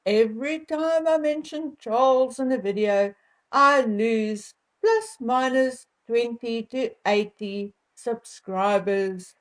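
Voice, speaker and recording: A South African woman speaks to her viewers in a measured, wry monologue with a sharp edge of indignation. Her voice sits a little high, and she takes her time over each phrase. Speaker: royal-commentary vlogger.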